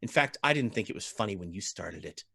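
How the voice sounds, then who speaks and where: A man doing a prim, shrill nun. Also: lively intonation, fast, gravelly, sharp tone, breathy edge, exaggerated voice. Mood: disapproving. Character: prim, stern nun, easily alarmed.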